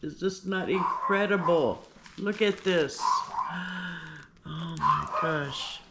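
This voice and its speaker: A woman hosting a casual unboxing vlog, talking in a gushing, excitable way. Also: on the low side, takes it slowly, creaky, heavy background noise. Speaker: vlogger host. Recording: paper crinkling and clicks behind.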